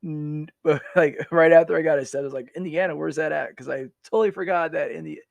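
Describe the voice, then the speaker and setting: Recorded lo-fi with no room sound, a man in his forties speaks briskly in a slightly high, creaky voice. As a veteran guest on a podcast, he wanders through his story casually, restarting often and leaning on fillers.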